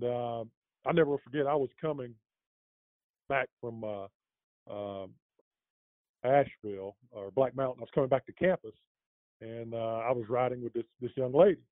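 A man's voice: medium pitch, dry recording. Man telling a story over a tinny line. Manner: rambling, many fillers and restarts, chuckles while telling. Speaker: interview guest. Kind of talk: storytelling in casual interview. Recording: dry, tinny phone-like line.

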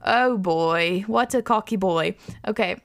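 An expressive woman podcast host reads listener stories aloud and reacts with laughter and casual swearing. Her voice sits in a middle register. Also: medium pitch, a little slow. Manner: animated, expressive, swears often, laughs a lot.

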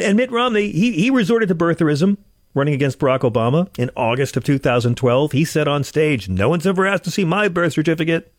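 A man's voice: medium pitch, no echo, clean studio sound. A man hosting a comedic political monologue, sarcastic and ranting, stammering as he gets worked up. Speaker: show host.

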